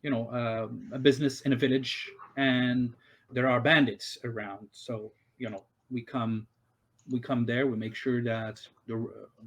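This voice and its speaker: Guy running a tabletop game, mid pitch, lots of ums and restarts. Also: little pitch movement, a bit bright, husky. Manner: halting, many fillers and restarts. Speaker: game master.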